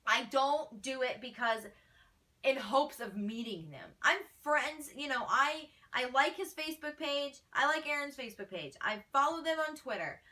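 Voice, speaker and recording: A woman's voice: sits high, expressive, normal speed, sharp tone, far from the mic. A woman fan page admin answering fan questions in a casual vlog, blunt, feisty and exasperated.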